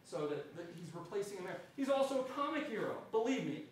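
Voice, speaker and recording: A man with a New Zealand accent gives an animated public history lecture, keeps checking in with "right?", and talks in a fairly high voice. He is recorded from across a lecture hall with heavy echo and a faint hiss underneath. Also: fast. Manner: animated, frequent "right?" tag questions. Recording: echoey hall from far off.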